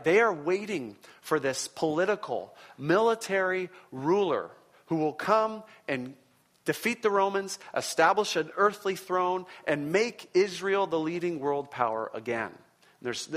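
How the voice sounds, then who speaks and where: Fairly high-voiced emphatic male preacher. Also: a bit bright. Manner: emphatic, conversational, often chuckling. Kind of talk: sermon teaching.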